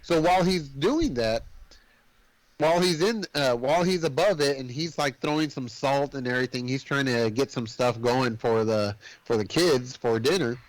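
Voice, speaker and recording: A man co-hosting a podcast, casually retelling a film's plot in a rambling, animated way, full of filler words. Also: mid-range voice, moderate pace, no room sound, poor audio. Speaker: podcast co-host. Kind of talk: casual movie recap chat.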